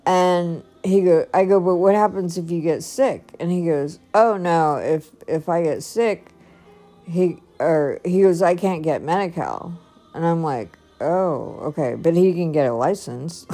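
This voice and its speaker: A woman's voice: fairly low pitch, warm tone. A woman talking casually in a personal vlog, chatty and rambling, laughing often. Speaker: vlogger.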